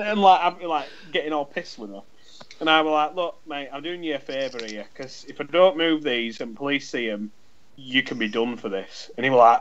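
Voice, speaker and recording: A man's voice: on the high side, moderate pace, fairly bright tone, muffled recording. A man, co-hosting a podcast and telling a rambling anecdote in casual chat, swearing freely and acting out both sides of a conversation. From England. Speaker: podcast co-host.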